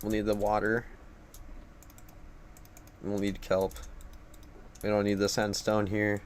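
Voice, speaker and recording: A young man live-streams a game from his computer, rambling and making self-deprecating jokes in casual commentary. His voice is on the low side, monotone and slow, with slight background noise.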